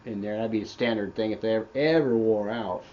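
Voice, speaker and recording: A man's voice: lowish voice, quick pace. A man co-hosting a casual livestream, talking in a dry, laid-back, self-deprecating way. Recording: dull webcam audio with faint background noise.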